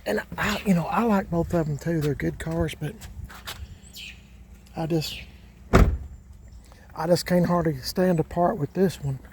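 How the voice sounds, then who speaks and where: An older man rambles on in a folksy vlog, his voice sitting a little high. He fills his talk with lots of "uh" and "you know." The audio is noisy, with car and yard sounds picked up outdoors. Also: a little slow, long pauses. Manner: rambling, folksy, with many fillers. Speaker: channel host. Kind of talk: casual vlog narration while moving cars. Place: outdoors in a yard, in and around cars.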